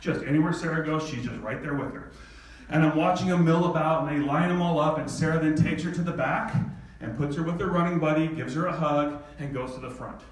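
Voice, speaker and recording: A man telling a personal story to an audience in an animated way, laughing often. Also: fairly high pitch, fairly quick. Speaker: speaker. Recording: echoey hall from far off, faint ambience.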